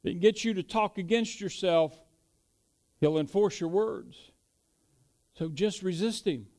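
A man's voice: high voice, a little slow, a little mellow. A middle-aged man preaching a sermon, mixing folksy storytelling with emphatic declarations. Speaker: pastor.

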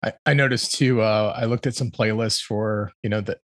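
A man's voice: fairly low pitch, steady tone, normal speed, no room sound. A man chatting as a guest on a podcast roundtable, making dry, offhand remarks. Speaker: panel guest. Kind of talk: casual roundtable chat.

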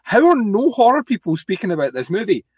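An enthusiastic man co-hosts a casual movie podcast, his pitch swinging widely as he talks. He swears casually and raves freely. The sound is dry and close. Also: very animated, fast talker, breathy edge, dry recording. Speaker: podcast co-host. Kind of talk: casual movie review chat.

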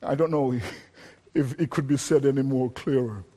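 A man's voice: medium pitch, unhurried, dark tone, husky, in a large hall. A man preaching a sermon, emphatic and explanatory, often repeating words as he presses a point.

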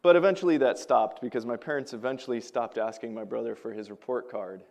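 A male pastor preaching a sermon, telling stories with animation and swinging between loud emphasis and quiet asides. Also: medium pitch, fast talker, vocal fry.

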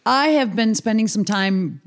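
A woman's voice: medium pitch, animated, measured pace. Woman, forties, saxophone teacher, podcast co-host, casual chat, laughs easily. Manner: friendly, laughs easily, chatty.

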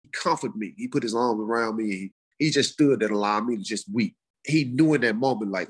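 A middle-aged man, telling his life story in a casual, animated way. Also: a little fast, slightly rough. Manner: animated, acts out quoted voices in high pitch. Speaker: guest sharing his testimony. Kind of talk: conversational storytelling.

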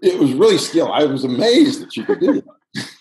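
A man in his sixties from Pittsburgh, telling a long personal story in a casual, halting way with frequent restarts. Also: on the high side. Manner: animated, halting with restarts, drops to hushed tones. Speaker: guest storyteller, former soccer coach. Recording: roomy echo.

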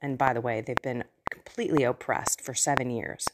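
A woman's voice: extremely low pitch, fairly even intonation, a little fast, noisy background. A woman hosting a podcast, retelling a Bible story in a conversational way with playful asides. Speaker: podcast host. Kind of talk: casual Bible teaching.

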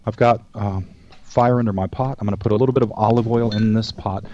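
A man's voice: lowish voice, steady tone, quick pace, mellow, a little hiss or hum. A man hosting a cooking show, chatting casually in a folksy, rambling way and telling jokes along the way. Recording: dull dry lo-fi recording.

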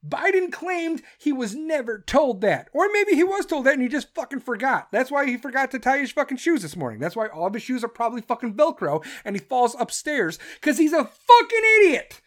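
This thirties-aged political commentator rants with fury and sarcasm, cursing freely and imitating people in mocking voices. Her high voice swings widely in pitch, and she talks a little fast with few pauses.

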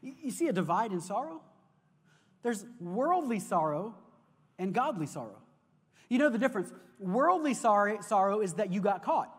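A man preaching a sermon as pastor, telling stories in an animated way and often repeating words as he goes. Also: high-pitched, normal speed, slightly rough. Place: church sanctuary. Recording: long reverb of a large hall.

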